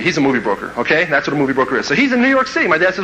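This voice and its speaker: A man from Kansas giving a motivational speech, telling a story to a live audience in an animated way and acting out scenes with sound effects and quoted voices. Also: fairly high pitch, rapid-fire, hardly any pauses, slight background noise, poor audio. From Kansas, USA. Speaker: motivational speaker.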